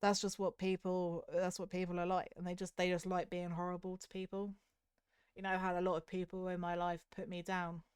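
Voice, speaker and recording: Soft-spoken Southern English woman streamer. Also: on the low side, monotone, a little fast, smooth, no echo, studio quality. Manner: soft, candid and self-critical, with hesitant restarts. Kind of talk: casual chat with stream viewers.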